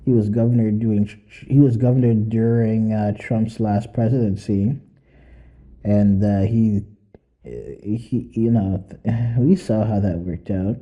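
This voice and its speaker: A man's voice: on the low side, steady tone, takes it slowly, mellow, dull audio. A young man hosting a podcast alone, rambling in casual, profane commentary that mocks and laughs often. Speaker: podcast host.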